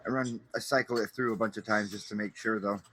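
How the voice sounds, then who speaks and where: A man's voice: lowish voice, steady tone, fast, a bit bright, poor audio. A man giving a casual, rambling voice-over of his own engine teardown, slangy and easygoing with some mild swearing. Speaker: channel host narrating his engine teardown.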